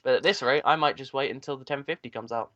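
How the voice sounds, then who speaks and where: A man's voice: mid-range voice, fast talker, bright, forceful tone, dry recording. Male co-host, loose rambling delivery, dull dry recording. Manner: rambling, filler-heavy tech talk. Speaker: podcast co-host. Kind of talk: casual chat.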